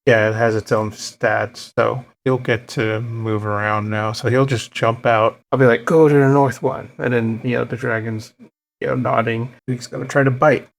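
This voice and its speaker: A man's voice: mid-range voice, little pitch movement, normal speed, creaky. A man playing a tabletop game, talking casually and hesitantly. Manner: hesitant, hedging with you know. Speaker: player.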